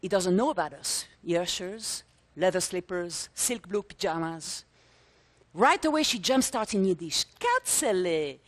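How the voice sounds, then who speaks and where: A woman's voice: on the low side, lively intonation, moderate pace. A woman performing a story on stage, telling it in a dramatic, theatrical way with vivid lists and emphatic repeats. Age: 60s. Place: conference stage before a live audience.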